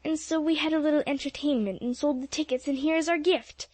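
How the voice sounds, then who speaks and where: A woman doing an earnest, hurried teenage boy. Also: sits high, darkish tone, no echo, voice pushed up, natural voice.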